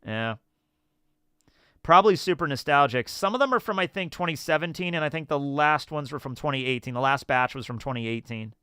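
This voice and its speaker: A man talking on a casual live stream, his voice bright and smooth. He rambles through questions and stories and gets animated along the way. The sound is dry and close to the mic. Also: a little high, fairly quick, no room sound. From United States. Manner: rambling, animated storytelling with laughs.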